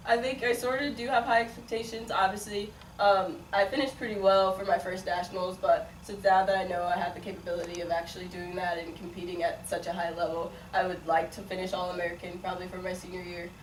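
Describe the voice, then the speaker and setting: A woman's voice: lowish voice, level tone, fast talker, hardly any pauses. A young woman in her twenties from the Midwest, a college sprinter answering interview questions in a chatty way, with many fillers and frequent laughs. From Chicago, raised partly in Las Vegas. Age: 20s. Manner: chatty, many likes and ums, laughs often. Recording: echoey room, mic at a distance, faint noise.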